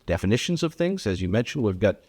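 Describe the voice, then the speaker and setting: A man's voice: lowish voice, big pitch swings, fast, darkish tone. A man moderating a public hearing who introduces speakers with light jokes. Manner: joking, informal. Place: hearing room.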